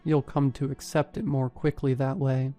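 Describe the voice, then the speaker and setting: A man voicing a surly, ragged older French junkie in a horror story, with a French accent and a hushed, blunt way of talking. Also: medium pitch, little pitch movement, normal speed, soft background music, lightly acted. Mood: blunt, ominous. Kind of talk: scripted narration.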